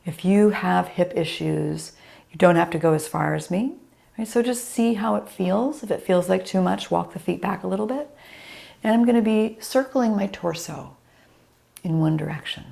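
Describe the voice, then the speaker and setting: A middle-aged woman teaching a chair yoga class over a video call, giving calm guiding cues and naming students as she goes, with a slightly scratchy voice. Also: on the low side, moderate pace, gravelly. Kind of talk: live online yoga class instruction.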